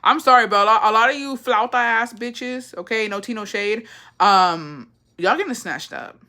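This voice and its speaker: Bright-voiced, profane woman chatting with viewers. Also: on the high side, normal speed. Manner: blunt, profane, playful, calls viewers bestie. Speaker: livestream host reading viewer comments. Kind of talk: casual chat.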